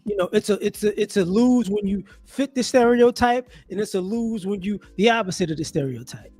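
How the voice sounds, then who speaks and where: A man giving casual monologue commentary as an online commentator, animated and rhetorical, often restarting his sentences. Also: high-pitched, brisk, faint music behind.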